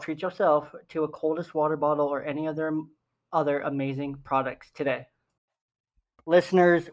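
Upbeat young man, podcast co-host. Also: fairly high pitch. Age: young adult. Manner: upbeat, self-mocking, salesy in ad reads. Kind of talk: casual podcast chat and ad read.

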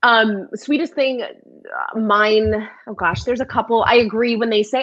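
A woman's voice: a little high, a little slow, fairly bright tone, no room sound, highs cut off. A woman in her thirties hosting a casual podcast chat, telling stories about her kids with frequent laughter. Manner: laughs often, chatty storytelling. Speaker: podcast host.

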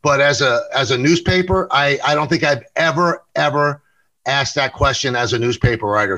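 A man's voice: medium pitch, bright, forceful tone, low-quality recording. A middle-aged man with a New York accent, a guest in a casual interview, telling stories and often repeating and correcting his words. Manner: storytelling, quick self-corrections, repeats words. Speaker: sportscaster and interview show host, guest here.

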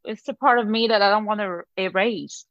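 A woman's voice: mid-range voice, fairly quick, no echo, muffled recording. A young woman with a French accent, raised in France, chatting casually as an interview guest and laughing often. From Lebanon, raised in France. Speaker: guest, singer.

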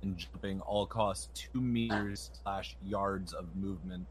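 Very deep-voiced man, crowd behind. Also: steady tone, unhurried. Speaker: player. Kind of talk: casual tabletop game chat.

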